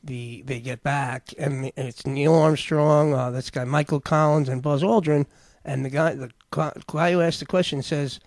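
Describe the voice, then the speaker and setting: A man's voice: on the high side, fairly even intonation, normal speed, a little mellow, no room sound. A man hosts a casual show, talking over clips in a rambling way with many restarts. His voice is dry and close to the mic. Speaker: host.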